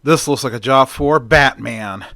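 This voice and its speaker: A man's voice: mid-range voice, measured pace, bright, forceful tone, dry recording, studio quality. Bruce Wayne, read by a man, earnest. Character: Bruce Wayne, wealthy young male crime-fighter.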